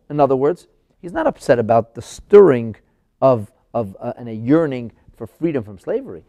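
A man teaching a Torah class as a rabbi, swinging dramatically between loud outbursts and hushed asides. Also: mid-range voice, expressive, moderate pace.

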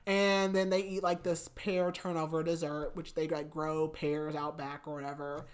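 A woman's voice: low voice, flat delivery, normal speed. Chatty woman recapping a book. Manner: chatty, laughs often, heavy use of "like". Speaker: podcast host.

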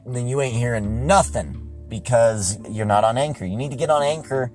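A man hosting a podcast, giving a casual, rambling movie review that gets excitable and profane when he is riled up. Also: mid-range voice, moderate pace, soft background music. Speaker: podcast host.

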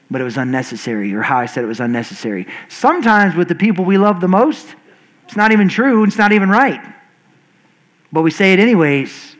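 A man in his forties preaching a sermon as a pastor, talking fast and earnestly with frequent restarts. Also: medium pitch, fairly bright tone, low-quality recording.

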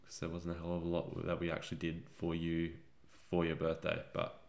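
Deep-voiced laid-back man. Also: completely flat delivery, brisk, gravelly. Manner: rambling, laid-back, trailing off. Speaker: podcast co-host. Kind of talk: casual chat.

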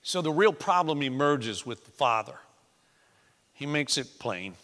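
A man preaching a sermon in a church, swinging between hushed, intimate lines and loud, emphatic ones. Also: mid-range voice, lively intonation, measured pace. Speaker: pastor. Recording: echoey church hall.

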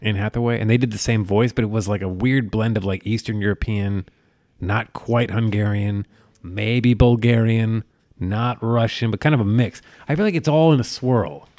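Low-voiced rambling podcast man. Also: darkish tone, dry recording, studio quality. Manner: rambling, jokey, slips into quick impressions. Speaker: podcast co-host. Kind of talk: casual chat.

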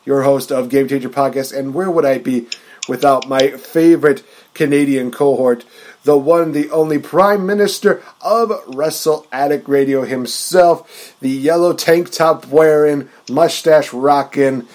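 A man's voice: mid-range voice, fairly even intonation, a little slow, a little mellow. A man hosting a wrestling podcast in a hyped, announcer-like casual chat. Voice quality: hype, announcer-like delivery. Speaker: podcast host.

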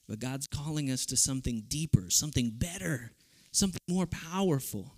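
A man from South Texas preaching to young people, animated and humorous, acting out voices in his stories. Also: mid-range voice, moderate pace. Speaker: youth camp speaker. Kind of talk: youth sermon with storytelling.

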